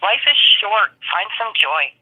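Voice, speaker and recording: A woman's voice: mid-range voice, lively intonation, husky. A woman with a Midwestern accent phones in over a tinny, thin speakerphone line. She talks in a chatty, friendly way and keeps restarting her sentences. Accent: Midwestern American. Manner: warm, chatty, halting restarts. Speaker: caller and chat moderator. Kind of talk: phone call-in.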